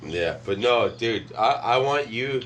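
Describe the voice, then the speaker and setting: A man's voice: medium pitch, animated, slow, fairly bright tone, a little hiss or hum. A man hosting a casual podcast chat, loose and profane, steering the others toward stories.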